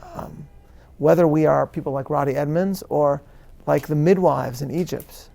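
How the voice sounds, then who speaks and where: A rabbi takes questions at a live interview, talking in a measured, earnest lecture style marked by emphatic stress and many restarts. He has a fairly high, gravelly voice with a warm tone.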